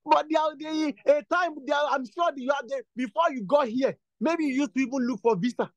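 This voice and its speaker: A man with a very high voice leads a prayer meeting, speaking fairly quickly as he repeats the same phrases insistently and rises into fervent bursts of exhortation and prayer. The sound is dry and close, without room echo.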